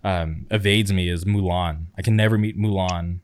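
Young man, low-pitched, dry sound, casual rambling podcast chat, enthusiastic. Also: steady tone, moderate pace, dry recording. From California. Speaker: podcast co-host.

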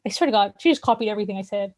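A woman's voice: medium pitch, racing, darkish tone, dry recording, studio quality. A young woman in casual chat, telling stories with a giggly, sassy manner. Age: young adult. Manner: giggly, playfully sassy storyteller.

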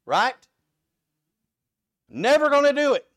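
A man voicing a brash, overconfident male disciple who boasts that he will never fail, in a high, loud, drawn-out voice. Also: sing-song, no room sound, exaggerated voice. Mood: boastful.

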